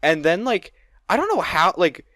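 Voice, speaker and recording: Excitable, rambling podcast co-host, man. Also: high-pitched, moderate pace, no echo. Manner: rambling, excitable, swears a lot. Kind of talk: casual chat, storytelling.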